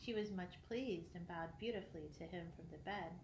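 A woman reading a children's classic aloud, expressive, with occasional slips and throat clearing. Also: lowish voice, brisk, background noise. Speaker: audiobook reader. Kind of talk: storybook narration. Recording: roomy echo.

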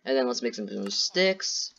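A man's voice: mid-range voice, lively intonation, measured pace, pushed and bright, muffled recording. A man doing gameplay commentary who rambles nervously, repeats himself and keeps talking to his viewers. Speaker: gaming YouTuber.

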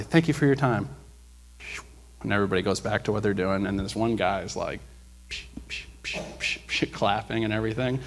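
Male preacher, lowish voice, energetic storyteller who acts out quotes, rises loud when preaching. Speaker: preacher sharing a testimony. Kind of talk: sermon storytelling. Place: church.

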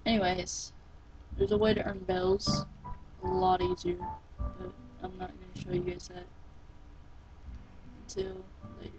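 A woman casually commenting on a video game she plays, sounding tired and rambling, with sudden excited squeals. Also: lowish voice, a little slow, long pauses. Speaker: let's-play gamer. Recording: dull lo-fi recording with faint game music.

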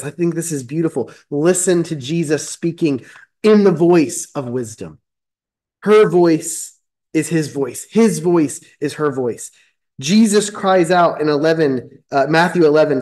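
A man's voice: a little high, darkish tone, rough recording. A man preaching a sermon as pastor, reading scripture aloud and expounding it with emphatic repetition.

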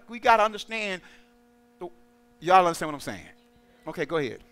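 High, bright-voiced man preaching. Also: expressive, fairly quick, pauses often, faint music behind. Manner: call-and-response preaching, acting out quoted voices. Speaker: pastor. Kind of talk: preaching to a congregation.

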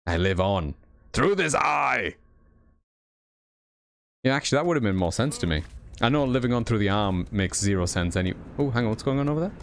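A man's voice: fairly low pitch, animated, rapid-fire. A man streaming a stealth game from his home setup, joking and swearing as he talks to his chat. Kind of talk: casual live-stream commentary. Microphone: desk condenser microphone.

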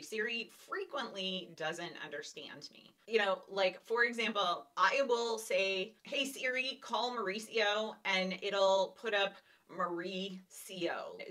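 A woman vlogger chats straight to the camera, laughing her way through a funny family story. Her voice is bright with a sharp edge and sits at an ordinary pitch. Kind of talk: casual chat to camera.

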